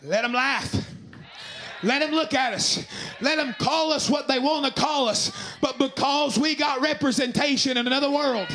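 A man preaching a sermon, fervent and shouting with lots of repetition and call-and-response. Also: very high-pitched, normal speed, slight background noise.

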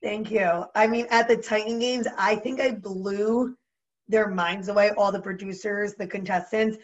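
A woman with a New Jersey accent chatting as a podcast guest, bubbly and animated, full of "like" fillers. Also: mid-range voice, measured pace, highs cut off. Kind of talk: casual chat.

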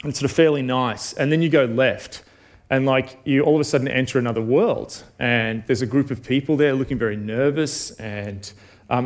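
A man with an Australian accent, giving a conversational sermon as a guest preacher from a church stage, telling a story with many fillers and self-deprecating asides. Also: medium pitch. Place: church auditorium.

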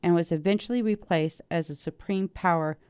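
Animated woman podcast host, smooth voice. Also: lowish voice, fairly quick, dry recording. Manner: animated, excitable, thinks out loud; stumbles over ancient names. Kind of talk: solo spiritual podcast, reading and musing aloud.

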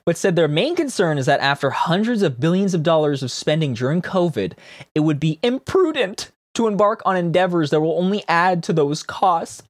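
A man's voice: fairly high pitch, lively intonation, normal speed, no echo, studio quality. A man hosting casual political commentary from Canada, reading news quotes aloud and mocking them with profane, sarcastic outbursts.

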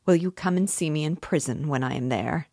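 A woman's voice: deep voice, fairly quick, warm tone, dry recording, clean studio sound. A woman reading aloud, voicing a bitter, proud young man who talks gloomily and defiantly. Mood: grim insistent.

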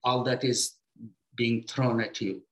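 A man giving a spiritual talk to his students as their teacher, speaking gently in short, unhurried phrases with pauses and simple everyday comparisons. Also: mid-range voice, fairly even intonation, low-quality recording.

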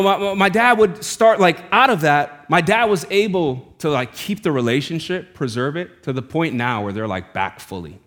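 Casual-talking male preacher telling stories. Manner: conversational, casual slang, voice drops low and quiet for quoted lines. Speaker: pastor. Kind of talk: sermon with personal storytelling.

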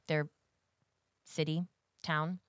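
A woman's voice: deep voice, flat delivery, drawn-out words, fairly bright tone, clean tone, no echo, studio quality. A woman co-hosting a casual Bible study chat. She asks curious questions and hedges her points. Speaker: podcast co-host.

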